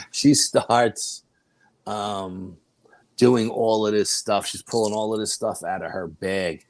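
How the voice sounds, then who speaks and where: Rambling low-voiced man telling stories. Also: dry recording. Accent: New York. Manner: rambling, animated anecdotes with restarts. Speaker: guest. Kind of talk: casual storytelling.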